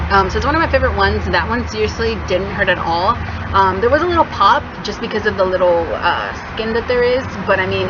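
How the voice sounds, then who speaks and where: A young woman from California chatting casually to the camera in a home vlog, rambling with many ums and likes and laughing now and then. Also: mid-range voice. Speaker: vlogger. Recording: muffled home video with steady background noise.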